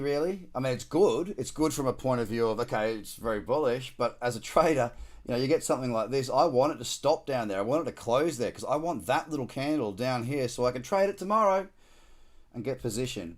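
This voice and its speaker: An Australian man talks through trading charts on a live stream in a loose, chatty way. His voice sits at an ordinary middle pitch, and his delivery stays slangy and relaxed, with the odd dad joke. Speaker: trader hosting a live market scan. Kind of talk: casual live-stream commentary.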